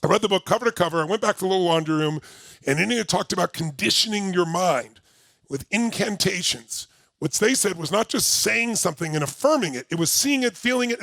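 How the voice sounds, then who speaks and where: Gravelly high-voiced older man. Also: no room sound. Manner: energetic storytelling, shouts repeated phrases. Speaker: motivational speaker. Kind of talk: workshop talk to a live audience.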